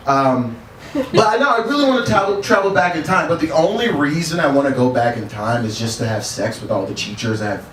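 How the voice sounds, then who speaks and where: This comedian speaks at a brisk clip with a medium, somewhat bright voice and lively intonation, staying laid-back and laughing softly between jokes on a bar stage. Heard from afar, the echoey room carries bar ambience and a light hiss or hum.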